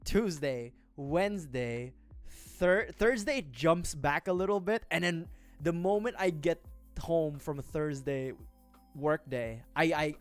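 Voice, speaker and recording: A young man from the Philippines rambling in a chatty, self-deprecating way while building a model kit on a livestream. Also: fairly high pitch. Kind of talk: casual chat.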